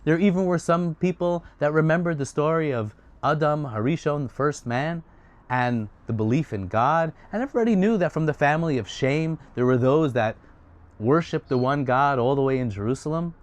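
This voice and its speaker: A man retelling a story in a casual, conversational way, getting animated at times. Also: a little high, moderate pace.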